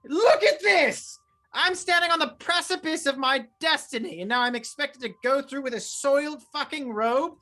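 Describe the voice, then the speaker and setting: A man's voice: very high voice, extremely slow, pauses often, pitched above the performer's own voice, full character voice. A man playing a pompous, whiny villain wizard. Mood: outraged. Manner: loud, whiny, swearing outbursts. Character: pompous male villain wizard, theatrical and easily outraged.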